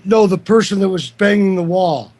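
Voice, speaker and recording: A man taking part in a casual group chat, asking questions in a halting, thinking-aloud way. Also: sits high, a little mellow.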